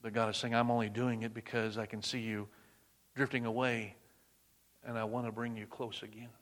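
A man preaching a sermon, swinging between loud emphatic bursts and hushed, near-whispered lines. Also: mid-range voice, level tone, normal speed.

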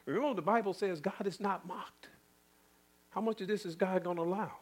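A male preacher delivering a sermon, firing rhetorical questions at the congregation, chuckling and swinging between loud and hushed. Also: sits high, fairly even intonation, brisk.

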